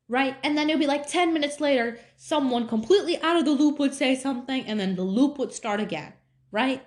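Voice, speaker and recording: A woman's voice: high-pitched, brisk. A young woman, around eighteen, candidly telling a personal story in a rambling, casual way full of "like" and "you know". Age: young adult. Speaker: vlogger.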